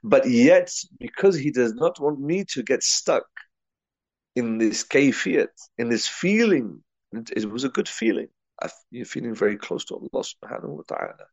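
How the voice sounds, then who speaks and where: A man's voice: medium pitch, lively intonation, normal speed, creaky, darkish tone, no room sound. A man from England giving a reflective spiritual talk, telling a personal story and weaving in Arabic and Urdu religious terms. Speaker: religious teacher.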